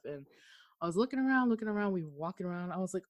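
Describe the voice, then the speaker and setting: A woman's voice: medium pitch, quick pace, dry recording. A young woman from Okinawa telling a story on a video call, swearing freely and acting out what she said. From Okinawa, Japan. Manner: animated, swears freely, quotes herself. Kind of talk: casual storytelling. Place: home in Texas during a storm.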